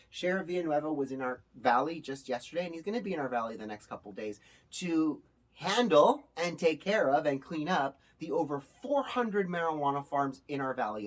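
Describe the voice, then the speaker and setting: A man's voice: fairly high pitch, normal speed. A male host giving casual spoken commentary to his viewers in an emphatic way, with a touch of sarcasm. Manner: animated, emphatic, sometimes sarcastic. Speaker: show host.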